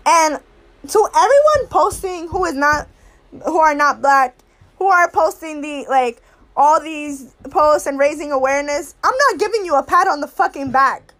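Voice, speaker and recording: A woman's voice: high-pitched, lively intonation, normal speed, fairly bright tone. A young woman speaking straight to camera, blunt and profane, heated and weary by turns. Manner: blunt, heated and profane, swinging between anger and weary sorrow. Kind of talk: impassioned monologue to camera.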